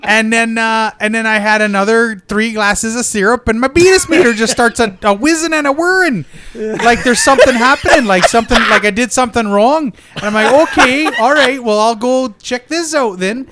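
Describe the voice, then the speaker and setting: A man voicing a syrup-guzzling Canadian man with a put-on Canadian accent, telling a rambling, deadpan, absurd story as a podcast comedy bit. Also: extremely high pitch, normal speed, background noise, voice pushed up. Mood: goofy.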